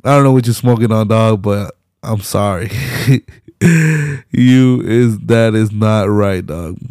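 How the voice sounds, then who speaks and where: A man's voice: on the low side, takes it slowly, a little mellow, clear, resonant tone, dry recording, studio quality. A young man hosting his own podcast, ranting casually with lots of slang, profanity and laughter. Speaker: podcast host. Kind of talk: casual solo podcast rant.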